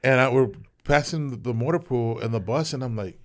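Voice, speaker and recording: Ex-soldier guest, thirties, from South Texas; cursing, animated storyteller. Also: male voice, mid-range voice, fairly quick. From South Texas, Rio Grande Valley. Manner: animated, profane, laughs through his stories. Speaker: guest, veteran. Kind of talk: casual storytelling.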